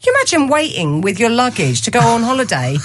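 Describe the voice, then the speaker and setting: Lady cohost, bouncy up and down voice, giggly, quick quips. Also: a little high, slight background noise. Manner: giggly, animated, quick with a quip. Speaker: radio co-host. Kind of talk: casual radio banter.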